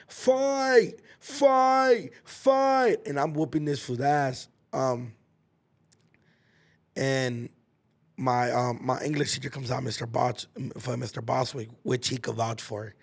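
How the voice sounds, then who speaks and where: A man's voice: mid-range voice, vocal fry. A young man from Los Angeles, hosting a podcast and telling a story in a casual, slangy, profane way, with spoken sound effects. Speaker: podcast host.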